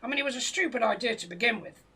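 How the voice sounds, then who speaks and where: Gravelly, sweary British man spinning a yarn. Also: very high voice, lively intonation, very fast, sharp tone. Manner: profane, rambling tall tale told straight. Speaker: comedian telling a story. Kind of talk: comic storytelling on a live stream.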